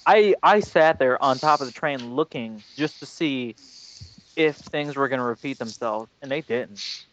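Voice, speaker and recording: A man's voice: medium pitch, a little slow, fairly bright tone, lo-fi sound, a little hiss or hum. A man co-hosting a gaming podcast, talking in a thoughtful, rambling way with lots of fillers. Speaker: podcast co-host. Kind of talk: casual gaming podcast chat.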